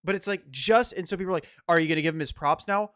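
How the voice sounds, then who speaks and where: A young man in casual sports chat, animated and swearing as he rants about football. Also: high-pitched, racing, no echo, clean studio sound. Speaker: podcast co-host.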